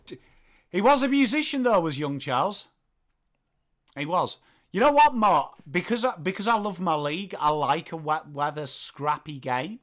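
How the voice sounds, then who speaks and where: A man with a Northern English accent hosting a live football watchalong, calling the play and chatting with viewers, swearing casually and shouting at big moments. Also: on the high side, expressive, moderate pace. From England. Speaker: livestream host.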